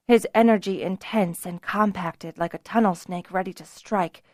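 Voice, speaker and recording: A woman reading a fantasy novel aloud as an audiobook narrator, measured and even. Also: mid-range voice, no echo, studio quality.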